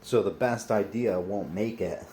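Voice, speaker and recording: A man's voice: fairly low pitch, measured pace, noisy background. A man casually telling a story to camera, rambling with lots of fillers and swearing.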